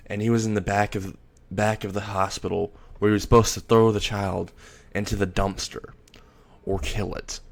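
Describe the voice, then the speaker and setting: A man's voice: on the low side, creaky. A man narrating a fan-made story in a casual, rambling way, restarting words and swearing casually.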